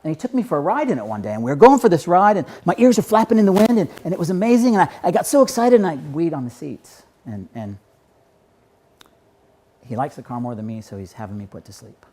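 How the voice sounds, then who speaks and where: A man doing an excitable male dog. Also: fairly high pitch, quick pace. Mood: eager. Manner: eager, tumbling storytelling.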